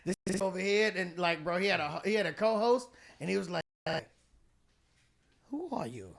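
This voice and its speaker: A man's voice: high voice, quick pace, vocal fry. A man hosting a podcast, telling stories in a casual chat, laughing often and acting out what others said. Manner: animated storyteller, laughs often, acts out quotes. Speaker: podcast host.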